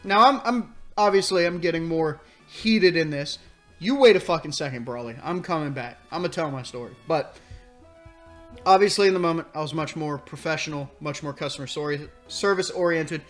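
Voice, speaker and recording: A man hosting a let's play, telling a story in casual, animated commentary, exasperated and swearing freely. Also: a little high, fairly quick, soft background music.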